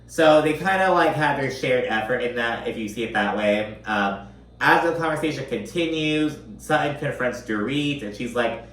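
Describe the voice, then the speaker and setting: A man's voice: medium pitch, moderate pace, fairly bright tone. A man giving a casual, profane recap of a reality TV episode, chatty and full of filler words. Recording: roomy, mic at a distance.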